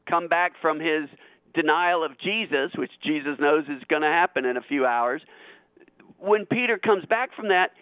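A man guesting on a call-in radio show, speaking in a raised, lively voice that climbs higher as he gets worked up. He comes through a narrow, tinny phone line with a close, dry sound. His delivery is animated. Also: no echo. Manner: animated, grows excited and high when making a point.

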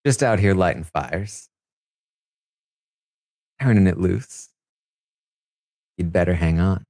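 A man voicing a cocky young man who taunts a hidden camera in a low, slow, menacing drawl. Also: darkish tone, no echo, studio quality. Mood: taunting.

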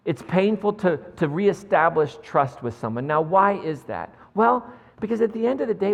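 A man preaching a sermon as pastor, talking conversationally with lots of "like" and "right?" and joking with the congregation. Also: fairly high pitch. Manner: jokes with the congregation. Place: church sanctuary. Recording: long church reverb.

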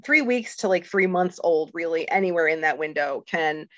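A woman's voice: lowish voice, expressive, a bit bright, dry recording. Earnest mom type woman on a faith podcast, kinda lo-fi, dead dry sound. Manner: earnest, candid, emotional, halting with fillers. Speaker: guest. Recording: dull lo-fi dry recording.

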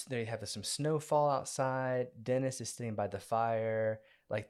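A man co-hosting a casual movie review chat, easygoing and measured with some filler words. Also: medium pitch. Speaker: podcast co-host reviewing a movie.

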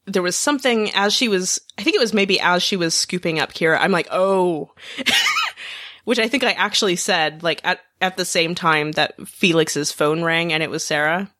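A woman's voice: lowish voice, very animated, normal speed, bright, forceful tone, no echo, clean studio sound. A woman co-hosting a TV discussion podcast, chatting casually and reading out listener feedback. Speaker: podcast co-host.

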